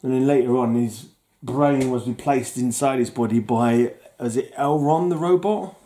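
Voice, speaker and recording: A man's voice: mid-range voice, moderate pace, dark tone. Chuckling man showing his comics. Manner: chatty and easily amused, chuckles often. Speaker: comic collector vlogger. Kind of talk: casual comic collection show-and-tell.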